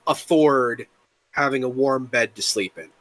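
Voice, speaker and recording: A young man talking casually as an interview guest, rambling and halting, with the occasional curse. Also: mid-range voice, fairly bright tone. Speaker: guest, worldbuilding creator.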